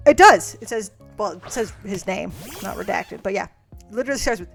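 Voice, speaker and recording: A woman's voice: medium pitch, lively intonation, normal speed, pauses often. A young woman streaming, casually reading her old letters aloud and mocking her past self, swearing freely. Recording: faint music behind.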